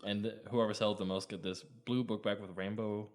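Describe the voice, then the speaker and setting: A man's voice: on the low side, little pitch movement, moderate pace. A young adult man co-hosting a casual podcast, laughing often and joking at his own expense while recalling childhood mischief. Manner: laughing, self-mocking. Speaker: podcast co-host. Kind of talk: casual chat.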